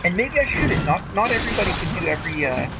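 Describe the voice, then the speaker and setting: A man chatting loosely as he streams a game, his lively voice jumping between jokes and amazement. Loud game music fills the background. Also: high-pitched, quick pace, low-quality recording. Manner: joking, rambling, easily astonished. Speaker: gaming streamer. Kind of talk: casual game commentary. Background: loud video game music.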